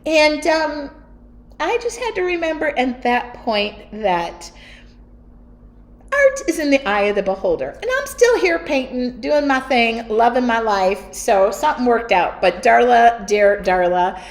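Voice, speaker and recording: A middle-aged woman hosting her art studio livestream, chatting casually and laughing often in a loud, talkative way. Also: a little high, animated, measured pace. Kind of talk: casual chat during a livestream.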